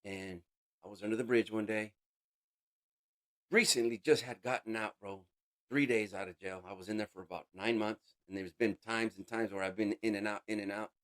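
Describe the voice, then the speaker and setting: Man, lowish voice, emotional testimony, halting, casual slang. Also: fairly bright tone. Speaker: interview guest sharing a recovery story. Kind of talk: personal testimony.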